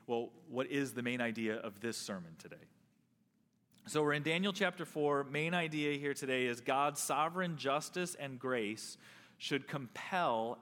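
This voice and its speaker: A man preaching a sermon as pastor, earnest, leaning on slow emphatic stresses. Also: mid-range voice, a bit bright. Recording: long hall reverb.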